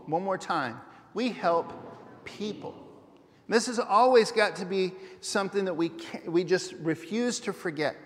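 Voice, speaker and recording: Earnest pastor preaching in a reverberant hall. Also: male voice, sits high, fairly bright tone. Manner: earnest, questioning the congregation. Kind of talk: sermon. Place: church sanctuary.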